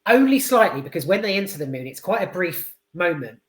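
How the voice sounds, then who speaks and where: A woman reviews a film in a casual, rambling way, swearing and hesitating often. Her voice sits low for a woman. The room adds a noticeable echo. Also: very animated, fairly quick. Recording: roomy echo.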